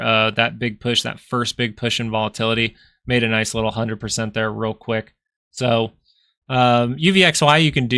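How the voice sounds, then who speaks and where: A man with a gravelly, bright edge to his voice hosts a casual trading live stream. He jokes around playfully between chart talk and viewer questions. The sound is dry and close. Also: medium pitch, no room sound. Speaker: stock market livestream host.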